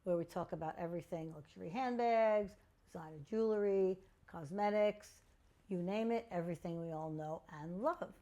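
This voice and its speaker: A woman's voice: on the low side, moderate pace, dark tone. A woman vlogger chatting casually to camera about luxury handbags, her voice scratchy as it recovers from being lost, rambling now and then and losing her train of thought.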